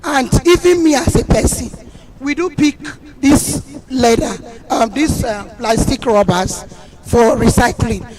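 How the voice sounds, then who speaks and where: A hoarse woman with a Nigerian accent, speaking as a community representative at a public meeting, earnest and grateful, with many restarts. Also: sits high, unhurried, noisy background. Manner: earnest, thanking, rambling with restarts.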